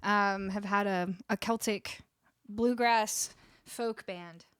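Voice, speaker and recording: Her voice is mid-range and fairly bright with a clean tone, fairly even intonation, and a slow delivery. She is a young Canadian music streamer with a Canadian accent, casually chatting with her live stream viewers, laughing often and reading their messages aloud. The recording is dry and studio quality, made with a studio vocal mic.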